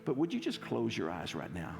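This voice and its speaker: A man's voice: on the low side, wildly swooping pitch, fairly quick, music in the background. A man preaching a sermon as pastor, playfully coaxing his congregation to recite a verse with him. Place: church sanctuary. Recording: gravelly voice with long church hall reverb.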